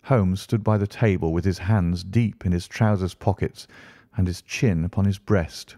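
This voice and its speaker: A man narrating an audiobook in a measured, steady reading. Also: deep voice, no echo, clean studio sound. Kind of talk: scripted narration.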